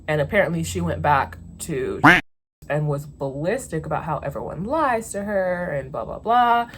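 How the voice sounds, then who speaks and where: A young woman with a low, dusky voice chats straight to camera in a casual storytime. She vents candidly and swears freely as she talks. A faint hiss sits under her voice. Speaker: vlogger.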